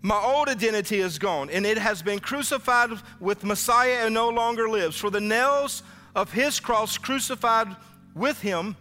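A man preaching a lively sermon as pastor, acting out biblical dialogue for his congregation in church. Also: sits high, moderate pace. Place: church sanctuary. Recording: live hall reverb with faint music.

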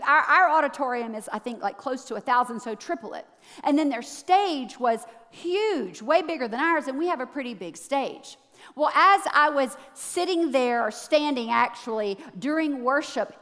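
High-voiced woman preaching in a hall. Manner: animated, swings between hushed and loud. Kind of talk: sermon.

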